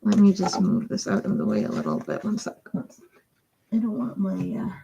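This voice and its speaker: Gravelly-voiced woman reading tarot live. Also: mid-range voice, huge pitch swings, normal speed, warm tone, highs cut off. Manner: chatty, giggly, thinks aloud with many fillers. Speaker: tarot reader. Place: home.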